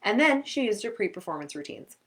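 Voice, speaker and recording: A young adult woman, a sports performance coach, giving upbeat, chatty advice to young athletes and acting out quick quotes. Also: medium pitch. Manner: energetic, chatty, acts out quotes. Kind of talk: upbeat coaching talk to camera.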